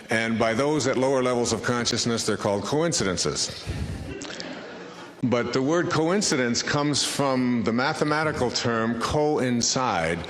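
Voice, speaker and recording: Lively-voiced man telling a story in a hall. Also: medium pitch. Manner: anecdotal, wry, conversational. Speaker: spiritual speaker and author. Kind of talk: storytelling lecture to an audience.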